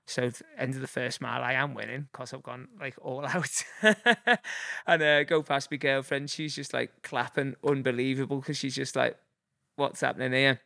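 A gravelly man in his forties from Liverpool, England, speaks with a local accent as a guest, telling rambling anecdotes packed with fillers and chuckles. His mid-range voice has a sharp tone and normal speed, recorded dry at studio quality.

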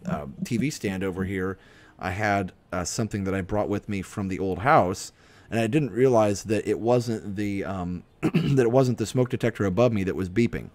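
A young man with a lowish, darkish voice talks at a moderate pace, recorded dry. Hosting a casual livestream chat, he rambles through stories, interrupting himself with lots of fillers and restarts.

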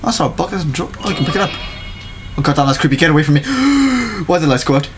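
A man commentating a let's play of a horror game, jumpy and excitable, swearing and yelping at scares. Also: fairly high pitch, racing, over music. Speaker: gaming YouTuber.

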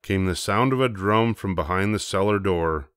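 An older man reading a children's storybook aloud, slow and gentle. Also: deep voice, clear, resonant tone, no room sound, studio quality. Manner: slow, gentle, measured narration. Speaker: storybook reader. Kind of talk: bedtime story read-aloud.

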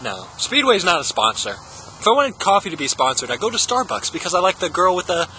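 Young guy, high animated voice, hyper goofball vlogger riffing on silly tangents. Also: brisk, a little hiss or hum. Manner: giggles often. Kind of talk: comedic impression vlog.

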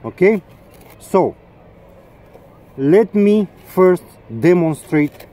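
A man's voice: a little high, expressive, slow, long pauses, warm tone. A man, an English speaker ranting in a mocking, sarcastic vlog and swearing often. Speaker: vlogger.

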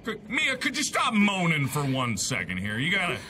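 A man's voice: fairly high pitch, huge pitch swings, normal speed, background noise. A young man hosting a let's-play, giving playful, joking commentary full of exclamations. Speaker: host. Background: loud game music.

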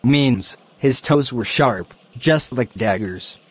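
A man teaching a poem, explaining its lines and word meanings slowly and deliberately. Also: medium pitch, husky. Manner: slow, deliberate, glossing words one by one. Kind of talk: educational explanation.

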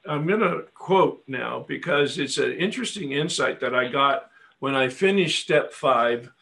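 A man facilitating a recovery workshop, teaching in an unhurried, reflective way and often affirming with a soft "yeah.". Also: mid-range voice, expressive, creaky.

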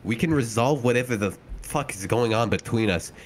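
A man's voice: medium pitch, moderate pace, slight background noise. A young man playing in a tabletop game, talking bluntly and swearing often. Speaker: player. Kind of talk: casual chat and in-character play.

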